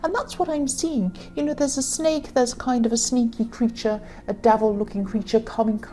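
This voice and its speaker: A woman giving a tarot reading to her viewers, talking in a halting way with many fillers and self-corrections. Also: on the high side, fairly even intonation, warm tone. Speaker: tarot reader.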